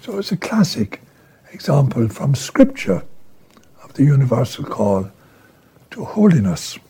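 A man preaching a sermon in a breathy voice that often drops to a whisper, emphatic, swinging from hushed to raised. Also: medium pitch, very animated, measured pace, a little hiss or hum.

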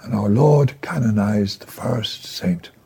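Preaching slowly, this man has a low, breathy voice that frequently sinks to a whisper. His sermon is emphatic, moving between quiet hushes and raised passages.

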